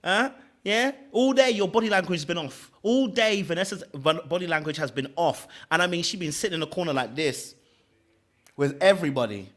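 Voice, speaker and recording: A man casually reviewing a reality dating show, animated, laughing, and often checking in with "okay? all right?". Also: on the high side, a little fast.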